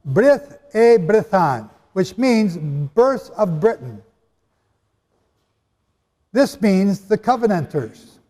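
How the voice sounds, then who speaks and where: Guy preaching to a crowd in a big echoey hall, lively and chatty, high voice. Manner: animated, conversational preaching with asides to the audience. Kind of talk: sermon. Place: hall with a live audience. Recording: long hall reverb.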